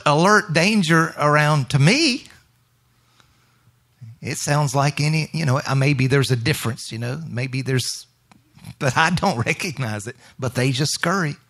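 A man's voice: a little high, vocal fry, a bit bright. A male minister giving a spontaneous, reflective sermon during worship and quoting scripture.

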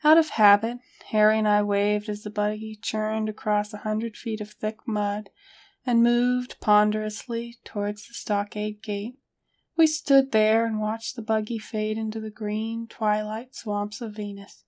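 A woman reading a first-person story aloud as a narrator, steady storytelling. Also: mid-range voice, a little slow. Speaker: audiobook narrator.

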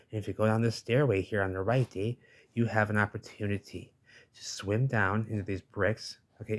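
A man with a fairly low voice commenting over video footage. He talks emphatically and dismissively, circling back to the same catchphrases again and again.

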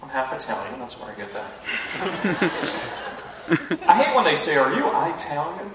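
A man doing a stand-up comedy set, animated and acting out quoted voices. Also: mid-range voice, normal speed, heavy background noise. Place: large hall with live audience. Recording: echoey hall, distant mic, loud crowd laughter.

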